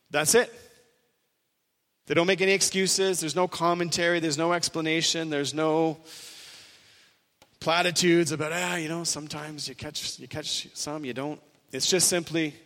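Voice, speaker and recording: A man's voice: on the high side, moderate pace, pauses often, a bit bright, long reverb tail. A male pastor preaching an earnest sermon, voicing quoted lines with rising emphasis.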